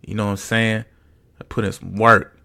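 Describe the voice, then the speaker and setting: A man's voice: lowish voice, level tone, normal speed, vocal fry, bright, forceful tone, no echo, studio quality. A man putting on a swaggering West Coast dude. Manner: laid-back slangy boasting.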